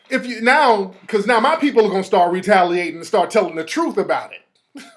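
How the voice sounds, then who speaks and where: A man's voice: high voice, normal speed, a little hiss or hum. A man hosting his own show, ranting casually and profanely while reading out text messages. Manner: profane, heated, reading texts aloud. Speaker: show host. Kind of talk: casual live rant.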